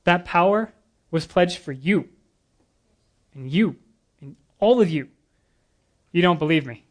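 Speaking a little slowly in a fairly high voice, a man preaches to a congregation as a guest preacher. He's earnest, slightly nervous, and lively. His scripture readings are interspersed with casual asides and humor.

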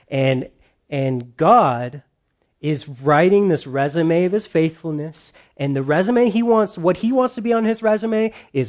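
A man's voice: high voice, lively intonation, normal speed, a little mellow. Emphatic conversational preacher, a man. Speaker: pastor. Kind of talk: sermon. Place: church.

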